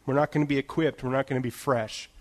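This pastor's sermon is casual and conversational, his medium-pitched voice fairly even in intonation. Frequent "you know"s and self-deprecating laughs run through it, and he slows into emphatic phrases to make his points land.

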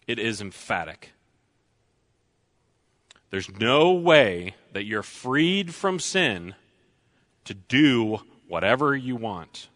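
Slow bright-voiced male preacher. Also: on the low side, big pitch swings. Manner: slow and deliberate, repeats key lines for emphasis. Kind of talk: sermon.

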